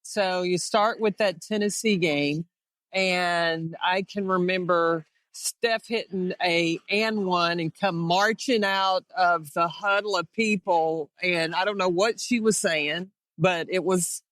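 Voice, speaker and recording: A woman's voice: lowish voice, slow, a bit bright, no echo. A middle-aged woman, a former head coach, reminiscing in an interview and acting out quoted dialogue as she tells her stories. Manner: storytelling that acts out quoted dialogue.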